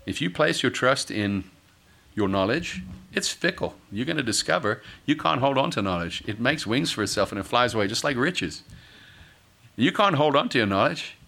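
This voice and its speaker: A middle-aged male pastor preaching a sermon, acting out quoted voices and building to loud, forceful peaks. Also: mid-range voice, creaky. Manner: dramatic, acts out quoted voices, rises to shouting peaks.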